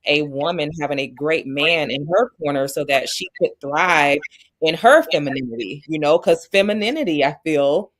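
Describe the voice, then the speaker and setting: Low-voiced woman podcast host. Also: normal speed. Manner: earnest, reflective, repeats words as she thinks. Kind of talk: interview conversation.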